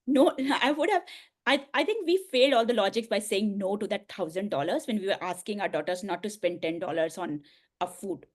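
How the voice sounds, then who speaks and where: A middle-aged woman as an interview guest, recounting her past with earnest feeling. She talks in an even, mid-pitched voice and laughs softly now and then. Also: fairly quick. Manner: earnest, emotional storytelling with soft laughs. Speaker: guest, coach and speaker. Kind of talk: personal story in an interview.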